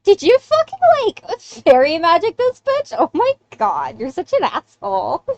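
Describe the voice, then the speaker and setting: A woman's voice: very high voice, wildly swooping pitch, unhurried, muffled recording, voice pushed up, heavily acted. A woman voicing a crude, scornful fairy companion in a tabletop game. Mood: mocking. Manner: scornful, profane, laughing.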